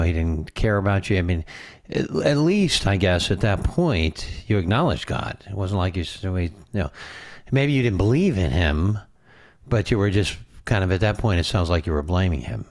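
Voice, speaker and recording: A male host with a very deep, low voice asks reflective questions. He speaks calmly and gently prompts his guest to say more. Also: moderate pace. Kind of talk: interview.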